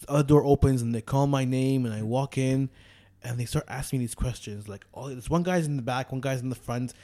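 A man's voice: mid-range voice, a little fast, warm tone. A man telling a travel story to friends in a casual chat, acting out the voices and laughing often.

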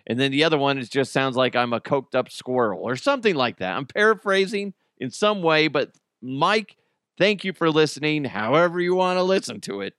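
A man's voice: fairly high pitch, no echo. Man, podcast host, storytelling, laughs a lot, dry close recording. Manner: animated, laughs while telling stories.

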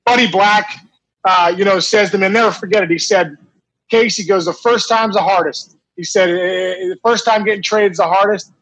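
A man in his forties, a former baseball player, telling a story in casual, animated talk with many fillers and restarts. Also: high voice, brisk, no room sound, low-quality recording.

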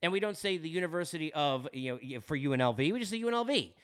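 Racing along in a smooth, expressive, fairly high voice, a Long Island New Yorker hosts his podcast. His monologue is personal, earnest and candid, with frequent repeated words.

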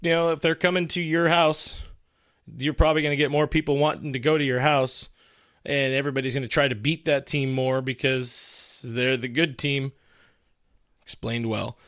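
A man's voice: medium pitch, steady tone, moderate pace, a bit bright, no echo, clean studio sound. A man hosting a casual live stream, reading chat comments aloud and rambling through them with frequent restarts. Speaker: livestream host.

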